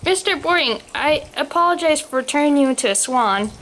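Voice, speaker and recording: A woman's voice: sits high, expressive, moderate pace, fairly bright tone, a little hiss or hum, pitched above the performer's own voice, low-quality recording. A woman reading a story aloud and voicing a polite, apologetic young woman who casts spells.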